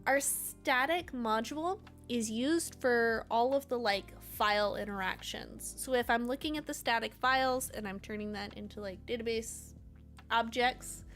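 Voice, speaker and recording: A woman's voice: on the high side, a little slow, faint music behind. A woman streaming her coding work, chatting casually, reading chat aloud and talking to her cats. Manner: animated, bursts of excitement.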